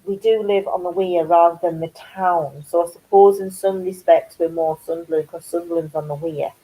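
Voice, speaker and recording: A middle-aged woman from County Durham with a North East English accent, telling stories in a chatty vlog and acting out quoted voices with big pitch jumps. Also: warm tone, poor audio. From County Durham, England. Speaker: crafting vlogger. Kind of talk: casual storytelling chat.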